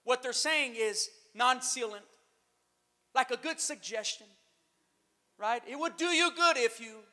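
A man preaching a sermon as pastor, calling out to the church and rising to shouted emphasis. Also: very high-pitched, a little slow, pauses often. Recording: long reverb of a hall.

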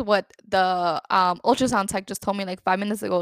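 Young woman podcaster, gravelly fry, dry close sound, rambling and candid, says "like" constantly. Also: mid-range voice, fairly even intonation, brisk, hardly any pauses, no echo. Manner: candid, rambling, heavy use of "like"; slips into Spanish words. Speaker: podcast host. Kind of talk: personal storytelling monologue.

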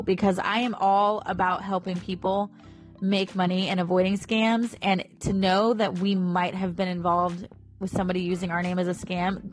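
A woman in her thirties talks casually to her audience, wandering from point to point with plenty of fillers. Her pitch sits in a middling range. Soft music plays faintly in the background. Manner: rambling and chatty, with frequent fillers. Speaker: vlogger and small business owner. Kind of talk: casual chat to camera.

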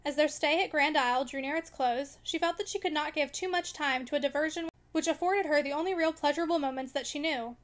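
This is audiobook narration of a classic novel: the female reader speaks quickly and expressively in a high voice.

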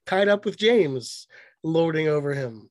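A man co-hosting a podcast in casual chat, excited and profane, mocking what he talks about. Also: on the high side, no echo. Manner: excited, profane, mocking, quick bursts of mimicry. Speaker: podcast co-host.

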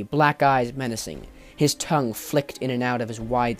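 A man's voice: mid-range voice, normal speed, hardly any pauses, faint music behind. A man narrating a fantasy novel as an audiobook, with a dramatic reading.

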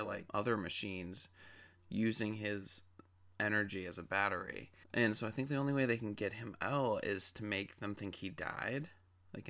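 Young guy gushing about a movie, lowish voice, lots of likes and ums. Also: vocal fry, pushed and bright. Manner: chatty and enthusiastic, with many fillers. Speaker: movie reviewer. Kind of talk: casual movie review.

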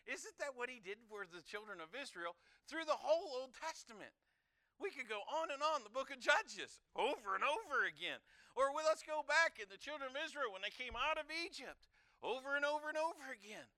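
A man's voice: extremely high pitch, bright, forceful tone, clean tone, no echo. A man preaching a sermon, emphatic, repeating phrases and restarting as he builds his points.

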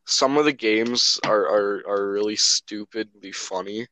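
A young man co-hosting a casual chat, rambling through stories with restarts and throat clearing. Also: on the low side, unhurried, sharp tone, no echo, poor audio. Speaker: podcast co-host. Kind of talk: casual chat among friends.

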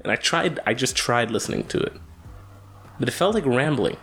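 Podcast co-host, male, mid-pitched, loose and joking, drifts off mid-sentence. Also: lively intonation, a little fast, fairly bright tone, slight background noise. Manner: rambling, jokey, trails off mid-sentence. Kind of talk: casual chat.

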